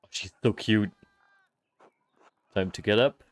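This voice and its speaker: A man's voice: on the low side, slow pace, no room sound. A man streaming a game, chatting casually, easily delighted and cursing now and then. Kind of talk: casual gameplay commentary.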